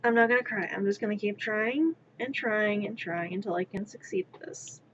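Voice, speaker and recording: A woman's voice: medium pitch, brisk, a bit bright, lo-fi sound, slight background noise. A woman streaming live from her room as she works on a craft, talking to herself and half-whispering pleas at her work. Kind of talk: live-stream self-talk while crafting.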